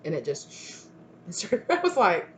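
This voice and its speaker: Woman tarot reader, lowish voice, chatty and lively, faint background noise. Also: a little slow. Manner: chatty, animated, keeps asking "right?". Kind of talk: casual spiritual reading to camera.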